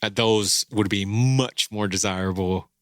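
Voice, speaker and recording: Male podcast co-host, forceful bright voice, emphatic casual sports talk. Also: lowish voice, steady tone, measured pace, no echo, clean studio sound.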